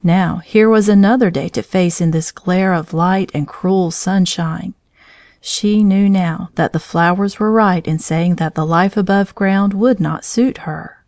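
A woman reading a children's story aloud, in a gentle, clear storytelling manner. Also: fairly low pitch, measured pace, dry recording, studio quality.

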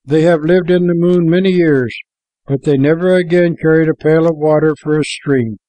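A man's voice: fairly high pitch, steady tone, normal speed, mellow, no room sound, low-quality recording. Man reading a storybook aloud, dry sound.

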